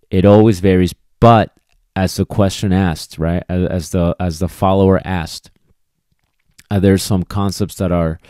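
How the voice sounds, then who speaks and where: A man's voice: deep voice, warm tone, no echo, clean studio sound. A man hosting a casual solo podcast as a dog trainer, talking emphatically and conversationally, often checking in with "okay" and "right". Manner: acts out quoted voices of people and dogs.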